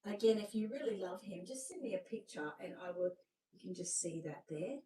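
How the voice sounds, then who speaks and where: An Australian woman chats and gushes through a live-stream sales showcase, sinking to a hushed voice over the sweetest items. Her voice sits at an ordinary middle pitch for a woman. The sound is roomy and set back from the microphone. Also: animated, a little fast, distant mic. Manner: chatty, gushing, drops to a hushed voice over sweet babies. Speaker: doll seller hosting a live showcase. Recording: roomy sound, away from the mic.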